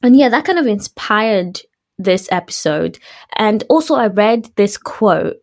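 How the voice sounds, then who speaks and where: A woman's voice: mid-range voice, expressive, measured pace, a little mellow. Young British woman, solo podcast host, chatty and giggly, rambles with asides. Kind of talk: casual solo podcast chat.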